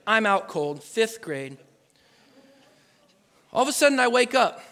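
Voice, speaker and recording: A man's voice: high voice, a little slow. A man from Oregon preaching a sermon, telling a personal story with lots of animation and acted-out voices. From Oregon, USA. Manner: animated, acts out voices and sound effects. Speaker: pastor. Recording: long hall reverb.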